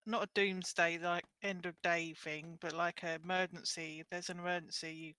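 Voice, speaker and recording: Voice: medium pitch, flat delivery, normal speed, sharp tone, clean tone, no echo. A speaker with a British accent, chatting casually and laughing often. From United Kingdom. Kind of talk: casual voice chat.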